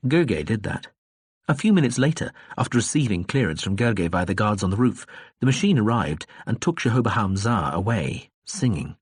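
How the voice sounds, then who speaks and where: A man narrating an audiobook in a calm storytelling manner. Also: on the low side, fairly quick, breathy edge, dry recording, clean studio sound. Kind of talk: scripted narration.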